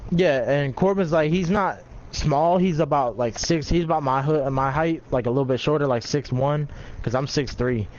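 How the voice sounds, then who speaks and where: A man's voice: on the high side, normal speed, darkish tone, lo-fi sound. A man telling a long story in casual chat, rambling with many fillers and plenty of swearing.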